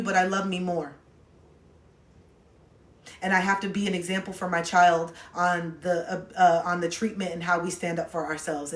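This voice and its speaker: A young adult woman giving advice on a phone livestream, talking bluntly, directly and with sarcasm. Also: fairly low pitch. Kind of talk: casual livestream advice talk. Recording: roomy echo.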